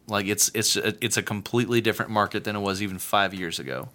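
A man's voice: on the low side, fairly even intonation, fast, bright, forceful tone. A man co-hosting a casual chat about beer, often restarting his sentences and repeating words. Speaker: podcast co-host.

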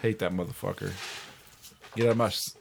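A man's voice: low voice, steady tone, brisk, gravelly, a little hiss or hum. A man co-hosting a casual podcast among friends, swearing freely and laughing often. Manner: swearing, laughing, loud outbursts. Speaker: podcast co-host.

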